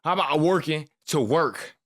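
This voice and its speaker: A man's voice: on the high side, normal speed. A man hosting a reaction video, ranting casually and calling his listener "gang" and "boy" again and again. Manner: animated, mock-scolding.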